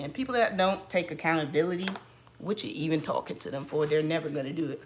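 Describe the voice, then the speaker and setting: A woman's voice: on the low side, fast, a little hiss or hum. Sassy, laughing woman telling a story. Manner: animated, sassy retelling with frequent laughs. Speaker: mom vlogger. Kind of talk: casual storytime chat.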